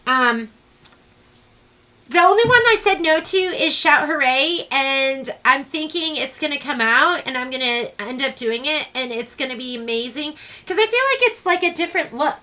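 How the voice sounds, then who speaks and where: A woman's voice: sits high, big pitch swings, moderate pace, sharp tone, poor audio. A woman teaching a live online sewing class, chatting in a rambling, self-deprecating way as she works. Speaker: sewing instructor.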